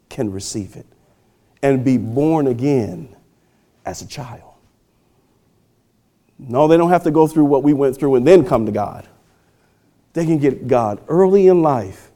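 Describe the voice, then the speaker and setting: A man preaching a sermon, building phrases with swelling emphasis and dramatic pauses. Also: mid-range voice, dark tone.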